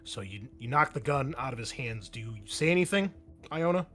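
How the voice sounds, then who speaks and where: A man running a tabletop game as game master, casual and loose, swearing freely and tossing quick asides to his players. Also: mid-range voice, lively intonation, a bit bright, faint music behind.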